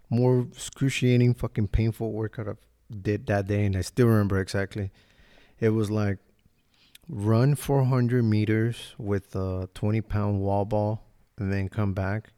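A man's voice: fairly low pitch, dark tone. A man hosting a podcast, telling a personal story in a casual, profane, laid-back way and acting out what people said. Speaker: podcast host.

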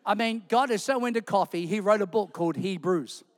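A male preacher delivers a sermon full of humorous stories and lively asides. His voice sits very high for a man, and it rings out with the long reverb of a large church. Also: brisk. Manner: animated storytelling with humor. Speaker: guest pastor.

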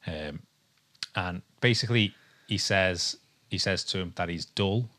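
A man's voice: low voice, a little slow, pushed and bright. A young man from England co-hosting a podcast in casual chat, rambling and hesitant with lots of ums. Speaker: podcast co-host.

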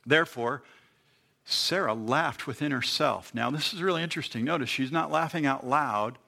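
A man in his fifties delivers a sermon verse by verse, talking to his congregation as if in conversation. His voice is bright and forward. He slips into small acted voices for the people in the story. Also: medium pitch, moderate pace, gravelly. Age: 50s. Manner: conversational Bible teaching, acts out quoted voices. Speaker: pastor.

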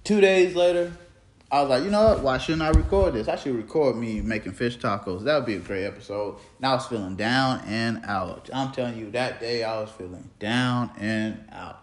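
Man, podcast host, casual rambling monologue, slangy, mid-pitched voice, echoey room. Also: moderate pace. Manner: loose storytelling with slang and restarts.

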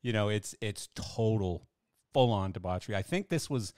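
A man's voice: fairly low pitch, animated, moderate pace, darkish tone, no echo, studio quality. An older man hosting a podcast, telling stories in a chatty, enthusiastic way with lots of fillers. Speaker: podcast host. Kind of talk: casual podcast monologue.

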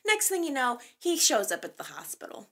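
A woman hosting a soap opera recap show, talking in an excitable, gushing fan manner with many fillers. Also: sits high, brisk. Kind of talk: casual recap commentary.

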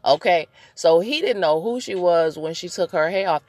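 A woman's voice: on the low side, moderate pace, a little mellow, no room sound. A woman hosting her own podcast in a playful, chatty way, talking straight to her listeners and laughing often. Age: adult, married. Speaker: podcast host. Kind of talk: casual solo podcast chat.

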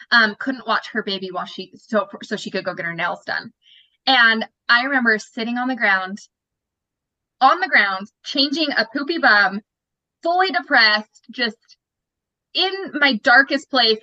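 A woman's voice: on the high side, pushed and bright, lo-fi sound. A young woman telling her personal story as an interview guest, candid and emotional, often restarting her sentences.

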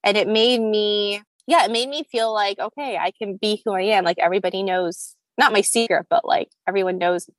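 A woman's voice: medium pitch, a little fast, few pauses, no room sound. A young woman guest on a podcast, talking in a girly valley-girl way with lots of "like" and "you know". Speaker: guest, skincare founder. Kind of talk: casual podcast interview.

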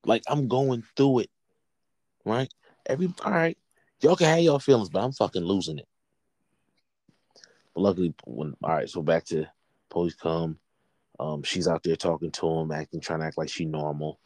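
Low-voiced man telling a heated story. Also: normal speed, long pauses, no room sound, clean studio sound. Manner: profane, animated storytelling. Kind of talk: casual storytelling chat.

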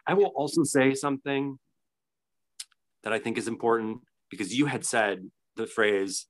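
A man's voice: medium pitch, moderate pace. A man co-hosting a podcast, telling a story in casual chat with many restarts. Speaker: podcast co-host.

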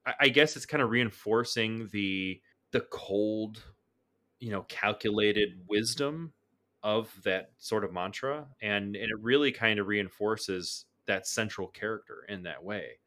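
Low guy on a film podcast, bright punchy tone, excitable and keeps restarting. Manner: animated, frequent restarts and quick laughs. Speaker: podcast co-host. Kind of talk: casual film discussion.

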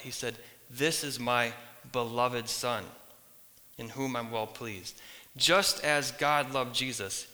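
A man preaching a sermon as a pastor, earnest and emphatic, building points through long lists and pauses. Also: medium pitch, pushed and bright. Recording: long reverb of a hall.

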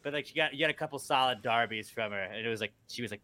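A man hosting a casual podcast chat, telling animated stories, swearing freely and acting out quotes. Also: medium pitch, very fast. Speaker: radio morning show host.

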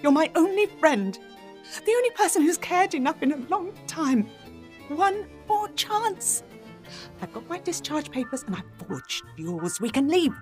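A woman's voice: high voice, sing-song, measured pace, darkish tone, faint music behind, pitched above the performer's own voice. A woman voicing a manipulative older female patient with a tearful, pleading sweet-old-lady act. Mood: desperate pleading. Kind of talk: audio drama narrated by one reader.

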